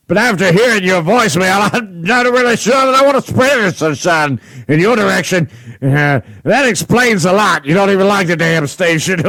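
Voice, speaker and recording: A man's voice: high-pitched, expressive, moderate pace, pushed and bright, dry recording, low-quality recording. A man hosting a radio show, doing a rowdy prank-call bit and laughing a lot as he mocks a coworker. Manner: mocking, laughs often. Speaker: radio host. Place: radio studio.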